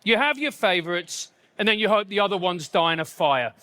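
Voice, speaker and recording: English stand-up comic, high and bright, punchy self-mockery. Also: male voice, expressive, smooth. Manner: punchy, self-mocking delivery with quick asides. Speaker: stand-up comedian. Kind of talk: live stand-up comedy.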